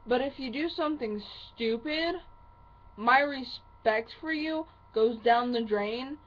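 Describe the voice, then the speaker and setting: A woman's voice: on the high side, slow. A woman ranting angrily to camera, swearing heavily and sounding upset. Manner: heavy swearing, fiery and upset. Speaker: vlogger. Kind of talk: angry personal rant to camera. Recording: muffled lo-fi recording with faint hiss.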